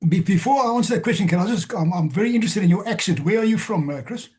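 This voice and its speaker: High-voiced man answering on a call. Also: lively intonation, quick pace, a little mellow. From Southern Africa. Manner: hesitant, many restarts and fillers. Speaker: presenter answering questions. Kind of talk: conversational Q&A on a video call.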